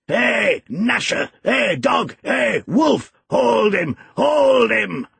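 A man voicing an old grumbling male farm servant, shrill and excitable. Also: very slow, gravelly, breathy edge, dry recording, exaggerated voice. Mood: shouting.

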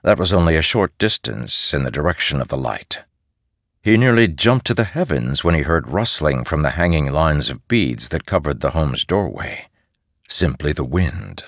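A male audiobook narrator with a very deep, low voice that still moves widely in pitch as he tells the story. The recording is dry and intimate. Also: sing-song, moderate pace, no room sound.

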